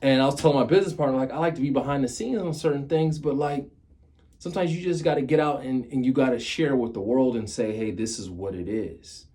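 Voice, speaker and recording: A man's voice: medium pitch, quick pace, warm tone. A man in his thirties giving a casual motivational talk to his viewers. He speaks earnestly and repeats key phrases to drive his point home. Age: 30s. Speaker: motivational vlogger.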